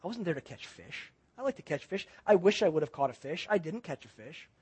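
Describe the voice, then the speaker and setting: A middle-aged male pastor preaching a sermon, telling a story that moves between loud excited passages and hushed, intense moments. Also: on the high side, a little fast, husky.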